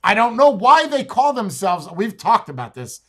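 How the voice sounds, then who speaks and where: A man's voice: sits high, big pitch swings, moderate pace. A man co-hosting a casual talk show, blunt in his opinions, who repeats words and stammers as he tells a long story.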